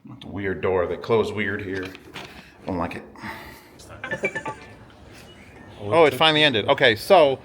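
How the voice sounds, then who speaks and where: A man's voice: fairly low pitch, expressive, normal speed, noisy background. A man hosting a casual vlog from a hotel room, rambling wryly and swearing often. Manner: rambling, profane and wry. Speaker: vlogger host.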